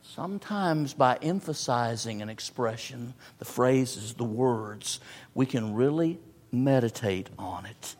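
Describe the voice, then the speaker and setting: A man's voice: mid-range voice, animated, slow, darkish tone. A man preaching a sermon, emphatic, repeating phrases and stressing words in turn. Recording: long hall reverb.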